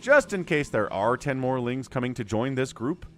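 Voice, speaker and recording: An excitable man commentates a strategy game live, his pitch swinging high and low as the action heats up. He talks in a chatty, casual way, with faint music playing underneath. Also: moderate pace. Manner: excitable, chatty, reads out viewer chat. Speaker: game caster.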